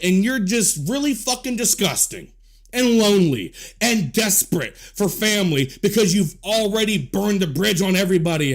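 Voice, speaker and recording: A man delivering a heated, profanity-filled rant to camera, scolding and repeating himself. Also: high-pitched. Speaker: commentator.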